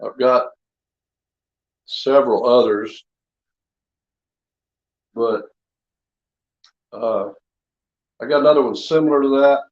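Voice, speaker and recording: The audio is slightly dull and lo-fi as a man chats casually in his home workshop about knives he has forged. His voice is medium in pitch and slow, with frequent pauses, and his talk rambles in a down-to-earth way.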